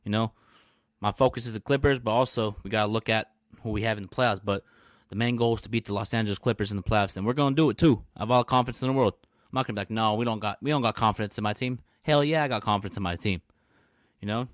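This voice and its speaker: A man hosting a casual live-stream podcast, talking trash with brash, animated energy and frequent laughs. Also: fairly low pitch, quick pace, no room sound, clean studio sound. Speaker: podcast host.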